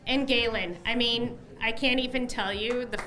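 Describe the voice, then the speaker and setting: A woman's voice: fairly high pitch, steady tone, normal speed, heavy background noise. A middle-aged woman, a newly elected candidate, gives an emotional, effusive election night victory speech at a headquarters party, thanking many people.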